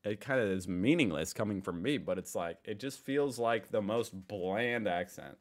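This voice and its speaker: American man, reaction host, low-pitched, very animated delivery, casual self-mocking chat. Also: moderate pace, noisy background. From United States. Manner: chatty, self-deprecating, thinking aloud. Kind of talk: casual commentary.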